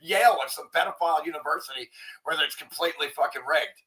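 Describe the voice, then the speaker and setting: A man hosting an online commentary show, ranting in a crude, profane way and sometimes shouting. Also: fairly high pitch, fast talker, over a noisy crowd, poor audio. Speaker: channel host. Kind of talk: casual commentary rant.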